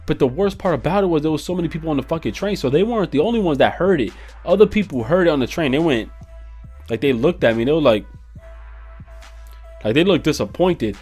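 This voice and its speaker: A man's voice: on the high side, lively intonation, fast, a little mellow, husky, faint music behind. A man telling a profane, slangy story in a casual vlog. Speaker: vlogger.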